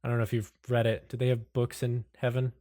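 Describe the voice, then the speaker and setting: A player in a tabletop game, voicing their character with incredulous questions and halting restarts. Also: mid-range voice, level tone, dark tone, no room sound, studio quality. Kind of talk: in-character tabletop role-play.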